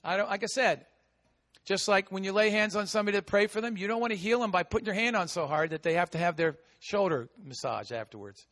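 A man preaching a sermon as pastor, with a big voice that swings from shouting to hushed asides. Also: high-pitched, animated, fast, big-room sound. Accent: American. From United States.

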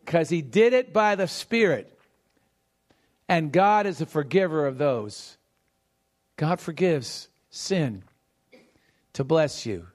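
A man's voice: fairly high pitch, takes it slowly, pauses often. A man preaching a sermon, teaching verse by verse and acting out the voices in the story while quizzing the congregation. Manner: animated, calls to the congregation with questions.

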